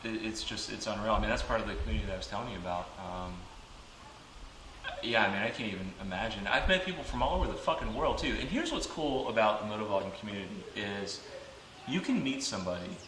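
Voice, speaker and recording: A man from Georgia, a motovlogger, talking casually in an interview with a profane, animated ranting manner. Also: fairly low pitch, quick pace. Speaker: motovlogger guest. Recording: echoey room, far from the mic, noisy.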